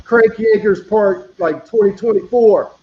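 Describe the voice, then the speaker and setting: A man's voice: high-pitched, measured pace, a little hiss or hum. A man raised in the US South, hosting a podcast and telling stories in a chatty way with many restarts. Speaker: podcast host. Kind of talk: casual chat. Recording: roomy, dull lo-fi sound.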